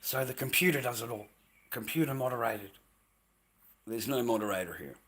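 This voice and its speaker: A man's voice: medium pitch, a little fast, fairly bright tone, breathy edge. An Australian man chatting casually on a livestream from his kitchen at home, rambling and swearing freely while calling viewers mate and bro.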